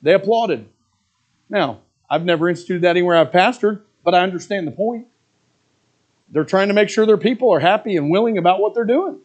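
A man's voice: high-pitched, brisk, darkish tone, highs cut off. A middle-aged male pastor preaching a sermon, earnest and plain, who slips into mocking asides as he quotes reluctant givers.

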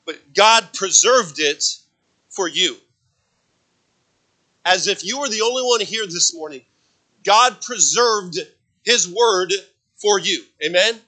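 A man preaching a sermon as pastor, repeating phrases for emphasis and swinging between loud emphatic peaks and hushed low passages. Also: expressive, takes it slowly, pauses often. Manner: repeats phrases for emphasis, asks the congregation for amens.

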